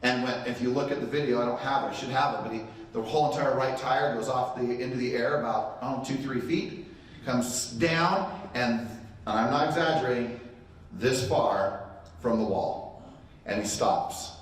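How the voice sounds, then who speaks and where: A man's voice: mid-range voice, moderate pace, slight background noise. A middle-aged man giving a motivational training talk to a live audience, telling a story and acting out the quotes. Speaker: real estate training speaker. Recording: very echoey room, voice far from mic.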